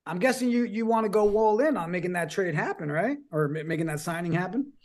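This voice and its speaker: A woman hosting a casual sports fan show, upbeat and teasing, often talking in quick bursts. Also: fairly low pitch, expressive, a little mellow. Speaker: host. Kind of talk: casual sports podcast chat.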